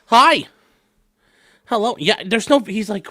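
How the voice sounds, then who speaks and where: Animated bright-voiced man chatting. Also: a little high, normal speed. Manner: rambling, chatty, breaks off to coo at his pets. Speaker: attorney and livestream host. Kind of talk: casual livestream chat. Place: at home.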